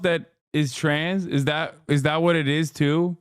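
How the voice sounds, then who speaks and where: A man's voice: a little high, fairly even intonation, a little slow, very noisy. A man streaming, reacting to clips in casual, sarcastic commentary, repeating himself and laughing often.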